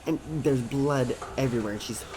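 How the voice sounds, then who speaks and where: A man voicing a signed personal story as an interpreter, animated and acting out the quotes and sounds. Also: mid-range voice, a little fast, rough recording. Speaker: sign-to-voice interpreter.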